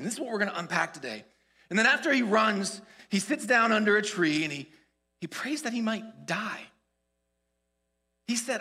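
A man preaching a sermon, retelling a story with animated, acted-out quotes. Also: high-pitched, normal speed, husky. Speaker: pastor. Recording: long hall reverb.

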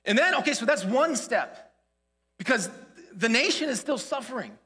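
A man preaching a sermon, retelling a story with animated, acted-out quotes. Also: very high-pitched, normal speed, slightly rough. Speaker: pastor. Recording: long hall reverb.

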